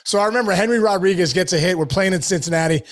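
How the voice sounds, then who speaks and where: A man, a former ballplayer, telling stories on a podcast in a loose, animated way full of "dude" and "like.". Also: high voice, rapid-fire. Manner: animated storyteller, lots of "dude" and "like". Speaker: guest, former baseball player. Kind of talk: casual storytelling chat.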